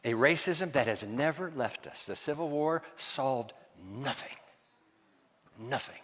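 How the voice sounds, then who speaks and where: A man preaching a sermon as pastor, quizzing his congregation and dropping to hushed asides. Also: medium pitch, animated, measured pace, in a large hall.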